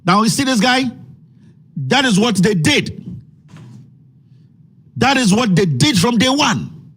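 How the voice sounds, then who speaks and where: Angry husky Ghanaian man ranting. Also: very high-pitched, sing-song, slow pace, a bit bright. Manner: angry, ranting, rhetorical questions. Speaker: commentary host. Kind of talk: impassioned social media commentary.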